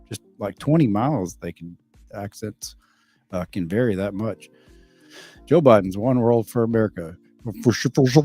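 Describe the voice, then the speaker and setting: Fairly low and dark-toned, this middle-aged man's voice comes from a livestream where, as a father chatting with his audience, he reads viewer comments aloud and responds bluntly, swearing a lot along the way.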